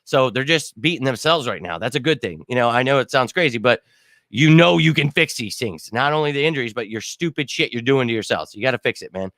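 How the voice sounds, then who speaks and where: A man hosting a sports fan show, ranting bluntly and swearing after a loss, his throat hoarse from screaming. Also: medium pitch, lively intonation, quick pace, a bit bright, no echo, studio quality. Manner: fired-up, blunt, swears, repeats himself. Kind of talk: casual postgame fan rant.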